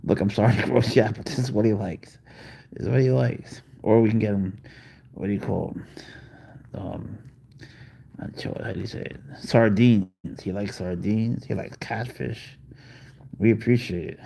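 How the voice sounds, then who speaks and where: A man's voice: fairly low pitch, normal speed, creaky, warm tone, breathy edge. A man hosting a live stream about his pet, chatting casually and rambling through answers to viewers' questions.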